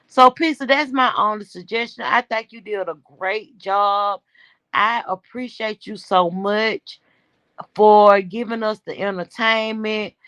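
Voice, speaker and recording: A woman's voice: on the high side, fairly bright tone, no echo. A woman hosting a livestream, brash and profane, talking straight to her chat and sounding winded and worn-voiced. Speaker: livestream host.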